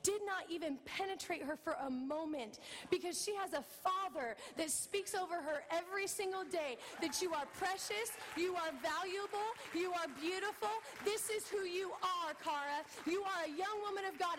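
A high-pitched, middle-aged woman preaching a sermon from the pulpit, telling stories in a lively way. Her voice rings out with a long hall reverb, and faint room noise sits underneath. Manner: storytelling, animated, acts out quoted voices. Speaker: pastor. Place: church.

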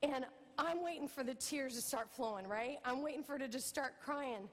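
Woman pastor preaching, high voice, echoey church hall, lively storytelling. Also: moderate pace. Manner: storytelling, animated, acts out quoted voices. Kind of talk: sermon.

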